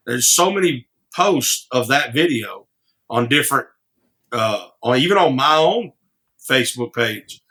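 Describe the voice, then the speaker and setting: A man's voice: medium pitch, animated, a little slow, pushed and bright. A man guesting on a podcast, a singer-songwriter telling rambling stories with many restarts. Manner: rambling, frequent restarts, laughs easily. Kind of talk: casual storytelling.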